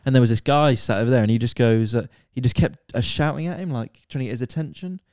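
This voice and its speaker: A man's voice: medium pitch, fast, clear, resonant tone, no room sound, studio quality. A young man, telling stories candidly and animatedly in a casual podcast chat. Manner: animated storytelling, candid and swearing. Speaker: podcast co-host, son.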